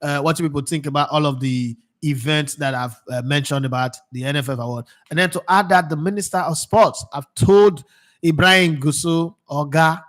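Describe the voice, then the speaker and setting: A Nigerian man with a Nigerian accent hosts a casual football talk show. His voice sits a little high, and he swings in and out of Pidgin with lively, laughing energy. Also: a little fast, few pauses. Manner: animated, mixes Pidgin with English, laughs often. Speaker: sports show host.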